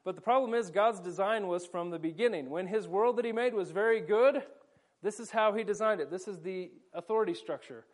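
A man preaching an animated sermon, explaining step by step and dropping playful asides. His voice is high for a man. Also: a little fast. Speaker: pastor. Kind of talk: sermon with volunteers acting out a scene.

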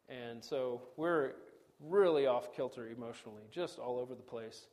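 A middle-aged man preaching a sermon, animated, swinging between loud emphasis and quiet asides, often acting out quoted dialogue. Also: mid-range voice, normal speed, few pauses. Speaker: pastor.

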